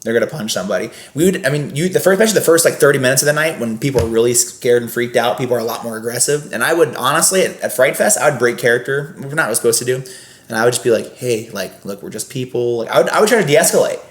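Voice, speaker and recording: Fast-talking man telling a story, roomy echo. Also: medium pitch, lively intonation. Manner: rambling, with many restarts and fillers. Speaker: podcast guest, former scare actor. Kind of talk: casual storytelling in a podcast chat.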